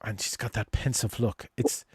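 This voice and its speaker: A man with a lowish voice and fairly even intonation speaks at normal speed, a crowd audible behind him. He hosts a relationship advice livestream, casually chatting with viewers and guests and reading their comments, stumbling over restarts and swearing freely.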